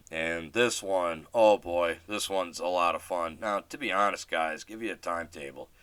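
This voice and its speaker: A man's voice: deep voice, pushed and bright, clean tone, no room sound. A man hosting a casual solo podcast and telling a story in a rambling way, with lots of fillers and restarts and casual swearing. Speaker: podcast host.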